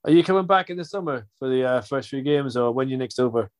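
A man's voice: mid-range voice, animated, fast. A man hosting a football fan podcast, chatting casually with jokey, rambling banter. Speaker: podcast host. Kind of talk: casual chat.

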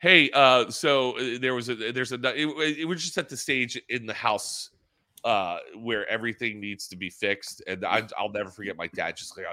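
Through a laptop's built-in camera mic on a video call, a middle-aged man with a medium-pitched voice speaks at normal speed. He co-hosts a casual racing talk show, telling animated, meandering stories full of restarts.

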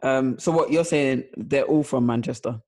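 A man's voice: medium pitch, normal speed, darkish tone. A man co-hosting a music show in casual chat, laughing easily and hesitating with frequent ums as he presents songs. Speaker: radio show co-host.

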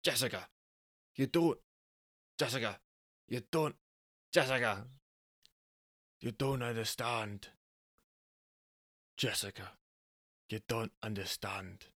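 A man voicing a restless, thrill-seeking husband with a West Country accent, speaking low and earnest. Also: takes it slowly, long pauses, a bit bright, no room sound, studio quality.

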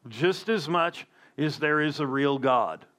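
Guy pastor preaching slow, chatty asides, kinda higher voice. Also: expressive, fairly bright tone. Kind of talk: sermon.

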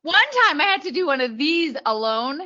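A woman's voice: high-pitched, lively intonation, brisk, pushed and bright, dull audio. A woman co-hosting a podcast, self-mocking and swearing freely in casual chat. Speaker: podcast co-host.

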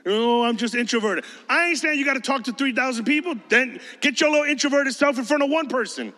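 A pastor preaches a sermon that is emphatic yet conversational, his high voice carrying a bright, forceful edge. He speaks fast and expressively, sometimes putting on mocking voices to drive his points home, and a long reverb makes it sound like a large hall.

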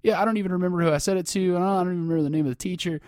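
A man's voice: high-pitched, racing, a little mellow, no echo, clean studio sound. A man casually telling a crude, joking story, full of fillers and laughter. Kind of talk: casual chat.

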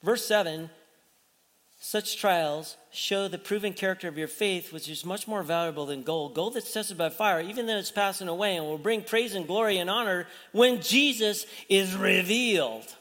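A pastor preaches conversationally, putting rhetorical questions to the congregation. His voice is high and a bit bright at a moderate pace, with a long reverb tail.

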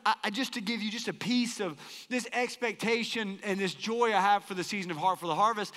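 A male pastor telling a story in a sermon with animated, self-mocking humor in a large church auditorium. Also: high-pitched, in a large hall.

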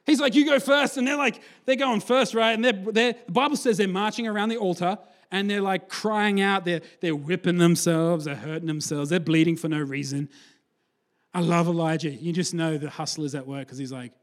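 A man preaching a lively sermon, telling stories with energy and acting out quotes before settling into a quieter appeal. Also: fairly high pitch, normal speed. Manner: energetic storyteller, acts out quotes, drops to a hushed close.

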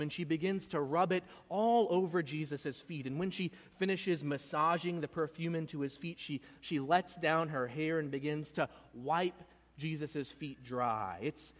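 A man's voice: fairly high pitch, big-room sound. A man preaching a sermon, retelling a story in an earnest way and often repeating words as he goes. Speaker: pastor.

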